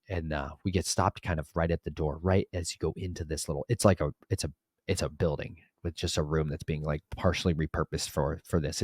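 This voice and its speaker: A young man with a very low voice rattles off a story at high speed, acting out both sides of a conversation. He turns emphatic and preachy when he talks about scripture. The sound is dry and close. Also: no echo. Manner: fast, animated storytelling with quoted dialogue. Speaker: vlogger and author. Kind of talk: casual storytelling vlog.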